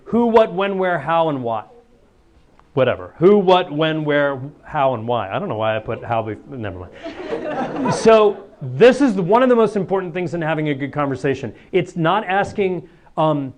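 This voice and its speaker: A man, a priest, giving a lively talk to students, acting out little scenes and laughing as he goes. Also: a little high, moderate pace. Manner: animated, acts out voices, laughs often.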